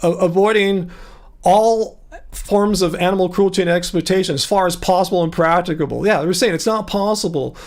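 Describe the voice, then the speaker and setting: A man with a high voice and a gravelly rasp hosts a casual live stream. He rambles and gets indignant as he answers chat, and his voice is starting to go. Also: normal speed.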